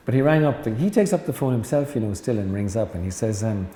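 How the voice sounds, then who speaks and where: A man's voice: fairly low pitch, expressive, quick pace, mellow. A middle-aged Irish man, a Jesuit priest, giving a chatty lecture full of anecdotes and teasing asides to the audience. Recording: echoey hall with faint noise.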